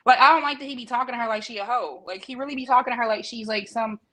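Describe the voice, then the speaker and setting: A woman's voice: fairly high pitch, very fast, bright, forceful tone. A woman co-hosting a casual talk show, reviewing soap episodes with blunt, sassy, profane banter. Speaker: podcast co-host. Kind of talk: casual chat.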